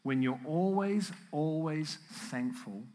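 A man preaching a sermon, earnest and emotional, at times close to tears, building up to animated emphasis. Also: fairly high pitch, takes it slowly. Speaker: pastor.

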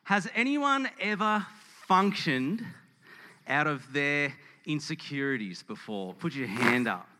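A man's voice: a little high, very animated, slow, bright, forceful tone. A man preaching a casual, joking sermon to a live audience, asking them questions and telling stories. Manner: chatty, joking, addresses the audience. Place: hall with audience.

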